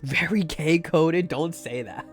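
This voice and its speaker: A man's voice: on the high side, slow, faint music behind. A man streaming a game live, rambling and joking with many fillers and restarts. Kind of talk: casual live-stream chat.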